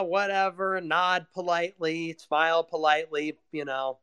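A man's voice: medium pitch, expressive, moderate pace, a bit bright, clear, resonant tone, dry recording, clean studio sound. A young man in a casual confessional monologue, rambling and self-deprecating, with frequent swearing. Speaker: vlogger.

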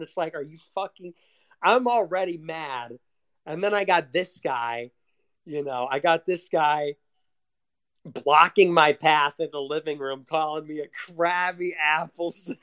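Sardonic young man, slightly high voice. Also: measured pace, fairly bright tone. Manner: sardonic, swearing, laughs often. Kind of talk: casual rant.

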